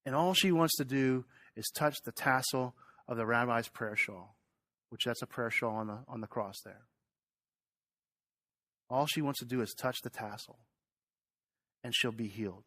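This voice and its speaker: A man delivers a sermon in a relaxed, conversational way, often checking in with his listeners with little questions. His voice sits at an ordinary middle pitch. The sound is dry and close, with little room echo. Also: normal speed, pauses often. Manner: conversational, asks the congregation questions; animated retelling with acted quotes. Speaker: pastor.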